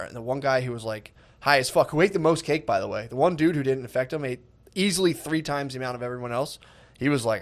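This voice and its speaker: A man's voice: medium pitch, fast. A man in his thirties, a podcast co-host, telling a rambling, profane story in casual chat, often quoting himself.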